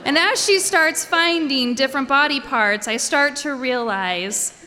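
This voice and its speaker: A woman's voice: high-pitched, a little slow, pushed and bright. A woman telling a personal story before an audience, conversational and wryly humorous. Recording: echoey hall.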